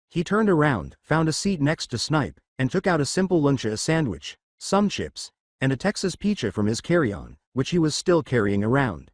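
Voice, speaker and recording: A man narrating a fan story in a steady reading voice. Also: medium pitch, moderate pace, few pauses, no room sound, clean studio sound. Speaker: fanfiction narrator.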